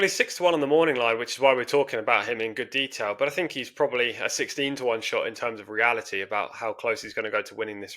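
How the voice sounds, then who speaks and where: A man in casual podcast chat, working through race form point by point and hedging his calls. His voice is bright and forward at a middling pitch, and his talk is analytical and measured. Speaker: podcast co-host. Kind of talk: casual horse racing preview chat.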